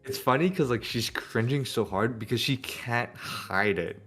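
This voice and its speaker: A man's voice: mid-range voice, unhurried, fairly bright tone, soft background music. A man co-hosting a casual podcast, recapping an anime episode and laughing as he acts out characters. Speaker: podcast co-host.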